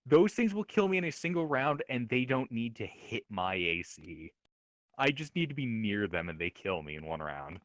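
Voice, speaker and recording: A man playing a tabletop game, talking fast and stammering, repeating words. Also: medium pitch, sing-song, no room sound. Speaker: player. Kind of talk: casual tabletop play.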